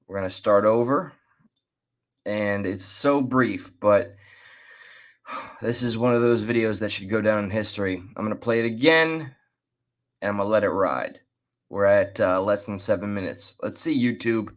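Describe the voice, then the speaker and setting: A man casually commenting while reacting to a clip, chatty and rambling, with restarts. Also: on the low side. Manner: chatty, laughs and restarts, drawn-out asides. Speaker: commentary host.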